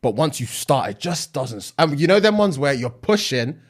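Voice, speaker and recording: A young man is relaxed on a podcast, talking at an ordinary middle pitch. He chimes in with short agreements and easy laughs while he tells his own story. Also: moderate pace. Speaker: podcast co-host. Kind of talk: casual chat.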